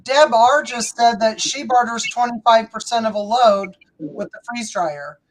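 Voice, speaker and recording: A woman's voice: on the high side, unhurried, crowd noise, rough recording. A woman in a casual panel chat, talking chattily with frequent hesitant fillers.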